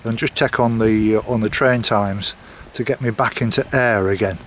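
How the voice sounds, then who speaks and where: A man's voice: fairly low pitch, steady tone, moderate pace, slight background noise. Rambling man vlogging on a coastal walk. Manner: rambling, chatty, apologetic asides. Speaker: walking vlogger. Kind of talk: casual walking vlog to camera.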